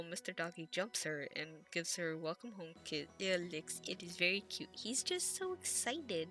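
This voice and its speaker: A woman's voice: lowish voice, sing-song, measured pace, sharp tone, faint music behind. A woman giving a chatty, gushing episode recap, with laughter and casual swearing. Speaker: anime recap vlogger.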